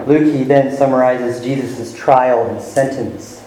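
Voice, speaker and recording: Recorded in a very echoey room with faint ambience and a slight hiss or hum, a man preaches a sermon verse by verse, building emphasis on key words. His mid-range voice is steady and dark, unhurried, with few pauses.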